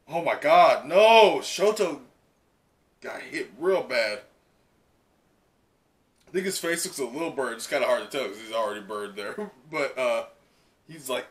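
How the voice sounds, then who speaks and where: Excitable man reacting, bright voice. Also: a little high, measured pace. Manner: excitable, rambling, lots of "like". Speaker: reaction video host. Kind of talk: live comic reaction.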